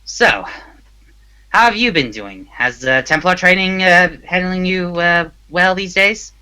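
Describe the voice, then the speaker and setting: A man voicing an eager young male prisoner who talks in excited exclamations. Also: high voice, unhurried, smooth, voice pushed up, heavily acted. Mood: curious.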